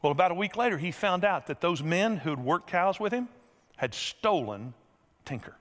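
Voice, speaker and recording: A middle-aged man preaching a sermon, telling a folksy story and acting out the scenes with lively energy. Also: high-pitched, normal speed. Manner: folksy, animated storyteller who acts out scenes. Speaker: pastor. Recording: reverberant large hall.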